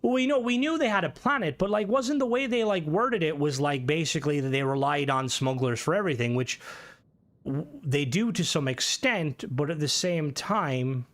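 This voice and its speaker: A man's voice: on the high side, fairly bright tone. Rambling man streaming games. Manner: rambling, swearing, many halting restarts. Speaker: game streamer. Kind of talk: casual gaming stream commentary.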